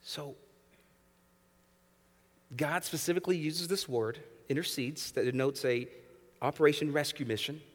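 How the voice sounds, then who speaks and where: A man in his thirties, a pastor preaching a sermon in a church sanctuary, animated, swinging between hushed and loud and acting out voices as he talks. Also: on the high side, a little slow, long pauses, big-room sound.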